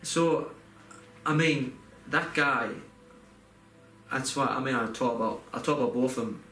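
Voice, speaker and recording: A man's voice: mid-range voice, unhurried, sharp tone, faint music behind. Man in casual, heartfelt chat. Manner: rambling, heartfelt, frequent fillers and restarts. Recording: roomy echo, faint background noise.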